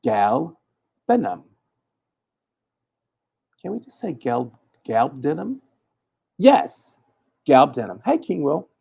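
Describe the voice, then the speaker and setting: A man hosting a casual livestream, playful and animated, teasing himself as he stumbles over hard words and restarts often. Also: a little high, creaky, breathy edge, highs cut off. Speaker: host giving hoodoo readings and advice. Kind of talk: casual livestream chat, reading from the chat.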